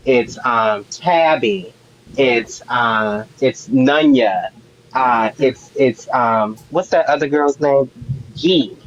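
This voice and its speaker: A man's voice: medium pitch, takes it slowly. A man hosting a live stream, giving heated commentary with emphatic, repetitive build-ups. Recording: dull lo-fi stream audio with faint noise.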